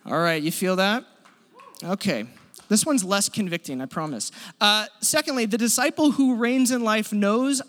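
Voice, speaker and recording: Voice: medium pitch, normal speed, fairly bright tone. A pastor preaching a sermon in a church sanctuary, emphatic, repeating key lines for stress and leading the congregation in spoken declarations. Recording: long hall reverb.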